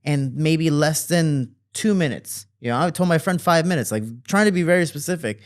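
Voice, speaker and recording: A man telling stories from his childhood as a guest in an interview, with lively quoting and relaxed fillers. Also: moderate pace. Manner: animated, jumps higher to quote people; fillers and restarts, relaxed flow. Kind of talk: casual storytelling.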